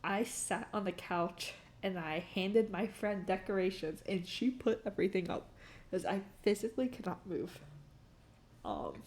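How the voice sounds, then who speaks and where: A woman's voice: mid-range voice, sing-song, unhurried, darkish tone. A young adult woman telling a story in a casual, rambling way, laughing often and filling her talk with "like" and "um" while she streams.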